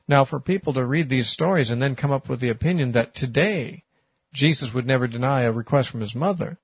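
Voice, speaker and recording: A man's voice: mid-range voice, fairly quick, breathy edge, no echo. A man giving a sermon-style Bible teaching, talking conversationally with frequent "uh" and "you know". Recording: muffled, lo-fi recording.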